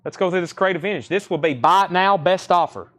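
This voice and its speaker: A man's voice: high voice, fast talker, fairly bright tone. A man hosting a live record sale stream, rattling off titles and prices with casual asides. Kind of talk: live sales stream chat.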